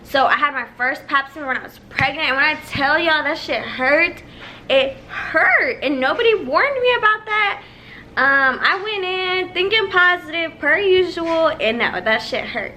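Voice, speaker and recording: A woman's voice: high-pitched, expressive, unhurried, bright, forceful tone, a little hiss or hum, rough recording. A woman in her early twenties chatting casually to her viewers, emotional and laughing as she tells stories. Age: 20s. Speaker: vlogger. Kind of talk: casual chat.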